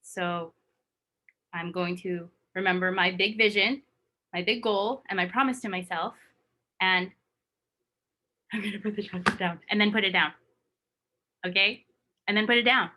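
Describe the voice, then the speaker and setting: A woman's voice: mid-range voice, moderate pace, long pauses, pushed and bright. A woman coaching her team in a motivational talk, emphatic and acting out her own inner voice.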